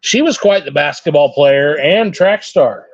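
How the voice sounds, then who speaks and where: A man with a high voice hosts a casual trading card live stream, teasing and joking as he chats. The sound is dull and lo-fi, close and dry with no room echo. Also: animated, unhurried.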